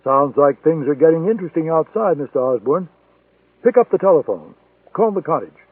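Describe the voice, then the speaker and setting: A man voicing a cold, menacing male assassin who taunts in a deliberate, threatening way. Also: on the high side, lively intonation, slightly rough, no room sound, recorded from a distance. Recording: tinny phone-like sound, dry.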